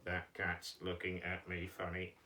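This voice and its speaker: A man voicing a doubtful, contrary toy robot sidekick in a deeper, quieter voice. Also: monotone, measured pace, recorded from a distance, a little hiss or hum. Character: sceptical toy robot named Metal Mike.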